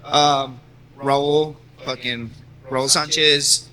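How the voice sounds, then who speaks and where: A man's voice: medium pitch, level tone, drawn-out words. A man hosting an open mic at a house party, loosely joking and swearing as he thanks the comics. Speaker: host. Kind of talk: closing announcements. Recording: loud background noise.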